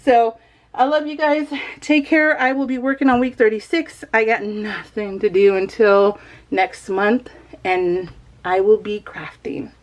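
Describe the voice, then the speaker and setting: A woman's voice: medium pitch, fairly even intonation, measured pace. A woman from Northern California chatting casually over her crafting video, rambling to her viewers and giggling often between phrases. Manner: rambling, talks straight to viewers. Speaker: crafting vlogger.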